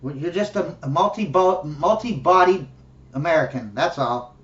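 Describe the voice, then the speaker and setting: A man's voice: on the high side, normal speed, a bit bright, lightly acted. A man mimicking a patronizing, politically correct man in a mock-soothing, condescending tone. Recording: roomy, distant, dull lo-fi audio.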